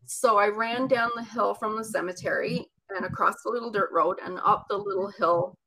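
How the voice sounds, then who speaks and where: A woman's voice: medium pitch, normal speed, gravelly, a crowd in the background, rough recording. A woman telling a personal childhood story in conversation, chatty and rambling with many asides.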